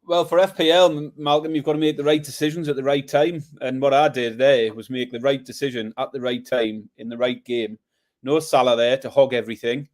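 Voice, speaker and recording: A man's voice: medium pitch, steady tone, brisk. A man co-hosting a podcast, correcting his friend and defending his picks in a dry, matter-of-fact way. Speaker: podcast co-host. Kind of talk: casual chat.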